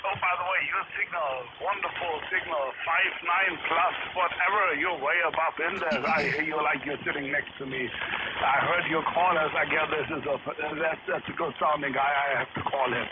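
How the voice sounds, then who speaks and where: A man's voice: on the high side, steady tone, normal speed. A man with a German accent, a ham radio caller who chats and spells out call signs phonetically. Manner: chatty, warm toward the contact, spells call signs phonetically. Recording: tinny shortwave radio with loud static.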